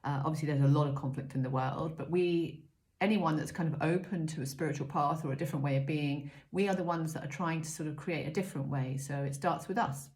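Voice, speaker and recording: Woman, middle-aged, low voice, gentle, chatty, oracle reading. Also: fast talker. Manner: gentle, chatty, frequent ums, self-mocking asides. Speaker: oracle card reader. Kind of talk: casual spiritual guidance talk.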